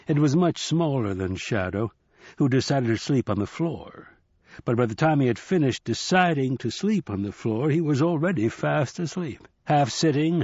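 A man narrates an audiobook from a script, telling the story in a measured, even way. His voice is medium-pitched, and the dry recording sounds slightly dull.

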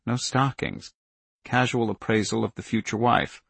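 A man reading a novel aloud in steady scripted narration, in a dry studio recording. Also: on the low side, normal speed, creaky, breathy edge, no echo. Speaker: audiobook narrator.

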